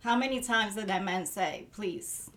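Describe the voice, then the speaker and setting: A woman's voice: mid-range voice, unhurried, crowd noise. A woman co-hosting a discussion podcast, talking in a heartfelt, emotional way. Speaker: podcast co-host.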